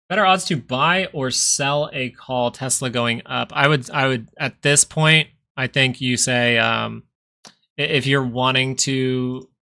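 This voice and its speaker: A man's voice: medium pitch, gravelly, pushed and bright. A man hosting a live stock market stream, talking casually and rambling as he thinks aloud over charts. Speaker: stock market livestream host.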